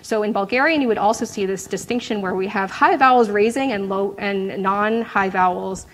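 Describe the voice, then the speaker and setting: A woman's voice: mid-range voice, moderate pace, a bit bright, poor audio. Woman giving an academic research talk. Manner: explanatory, frequent "right?" check-ins and "um" fillers. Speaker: academic presenter.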